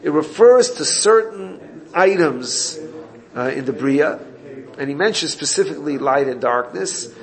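Gravelly man teaching a Torah class. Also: a little high, lively intonation, a little slow. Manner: explanatory, reads Hebrew text then translates.

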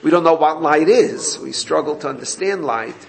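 Gravelly man teaching a Torah class. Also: on the high side, moderate pace. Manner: explanatory, reads Hebrew text then translates.

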